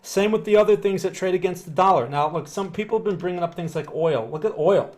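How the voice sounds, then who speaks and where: Man, trading stream host, slightly high-pitched, casual, rambling, lots of tag questions. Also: quick pace, a little mellow. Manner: reads and greets viewers. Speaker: market analyst host. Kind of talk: live-stream chart analysis.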